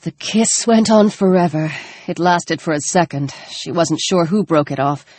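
A woman narrating an audiobook in a steady, measured storytelling manner. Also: on the low side, no echo. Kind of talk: scripted narration.

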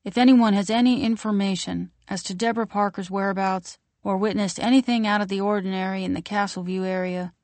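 A woman reading aloud, voicing a television news anchor who delivers a missing-person bulletin in a slow, measured way. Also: mid-range voice, fairly even intonation, a little mellow, dry recording, natural voice. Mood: formal.

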